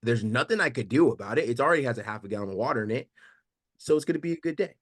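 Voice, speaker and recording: A man on a video call from home, talking in an animated, emphatic way, full of rhetorical questions and casual swearing. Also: mid-range voice, very fast, dry recording, studio quality. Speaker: coaching call participant. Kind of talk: animated motivational chat. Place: home living room.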